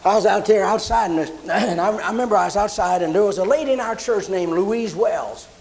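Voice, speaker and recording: A man's voice: high voice, brisk, vocal fry, a little mellow, poor audio. A man preaching as a pastor, telling a story in a folksy way that repeats and restarts phrases. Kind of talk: sermon storytelling.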